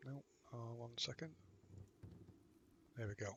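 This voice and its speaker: A man's voice: mid-range voice, vocal fry, lo-fi sound, background noise. A man running a tabletop game as game master, stopping and restarting often as he checks rules and tallies damage. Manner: halting, full of ums and restarts while checking rules.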